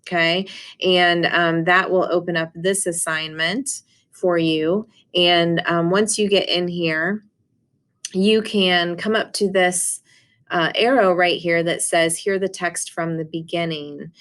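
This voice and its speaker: A woman teacher speaks in a slightly low, everyday voice as she talks her class through a lesson. She is casual and unscripted, with frequent fillers and restarts. The pace of her talk shifts often. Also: fairly even intonation, slow pace, a bit bright. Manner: casual, many ums and restarts. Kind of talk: recorded class lesson and screen walkthrough.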